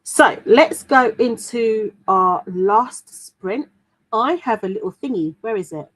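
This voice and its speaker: A woman's voice: a little high, lively intonation, slow pace, fairly bright tone, low-quality recording. An adult woman from the UK hosting a crafting livestream, chatting casually and reading out viewer comments with plenty of fillers and restarts. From United Kingdom. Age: adult, mother of a daughter. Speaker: livestream host.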